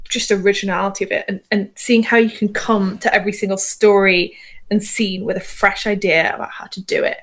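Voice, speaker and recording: A woman chatting on a podcast, earnest and enthusiastic about the craft. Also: mid-range voice. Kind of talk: casual podcast chat.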